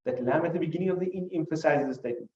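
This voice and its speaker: Speaking very fast in a fairly high, darkish voice, this male instructor leads a classroom lesson on hadith. He breaks down Arabic vocabulary word by word, quotes classical Arabic amid English, and asks rhetorical questions, all captured in a muffled, echoing room.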